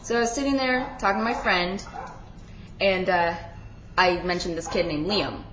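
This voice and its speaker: A teenage girl with a fairly low voice chats at a moderate pace in a casual home vlog about her pet peeves, sarcastic and rambling with lots of filler words. The recording is echoey and dull, lo-fi, with crowd noise behind her.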